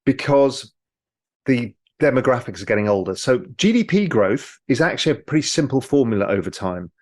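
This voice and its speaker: A man, a guest in an interview, explaining with lively storytelling. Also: mid-range voice, fairly quick. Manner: animated storyteller, mimics people in quotes. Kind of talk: casual interview talk.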